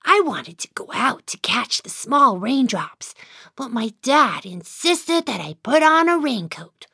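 A woman's voice: a little high, big pitch swings, unhurried, bright, forceful tone, husky, dry recording, studio quality, heavily acted. A woman voicing an unhappy little boy mouse who narrates his own storybook, grumbling and sighing about his dad. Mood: sulky. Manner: sulky, sighing, then giddy. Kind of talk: first-person storybook narration.

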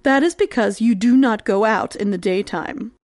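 A greedy, scheming storybook cat talks in a lowered, cool and smooth voice, as a woman narrator puts her on. The recording is dry and close. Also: moderate pace, a little mellow, dry recording, close to an everyday voice. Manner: low, cool and smooth-talking.

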